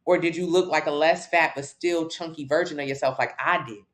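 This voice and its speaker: A woman's voice: low-pitched, steady tone, fairly quick. A woman fitness coach, answering viewers' questions on a casual livestream in a blunt, brash, jokey way.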